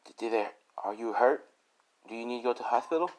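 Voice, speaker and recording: A man voicing an earnest young male hero who speaks calmly and courteously, with some hesitation. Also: mid-range voice, fast talker, lightly acted, low-quality recording.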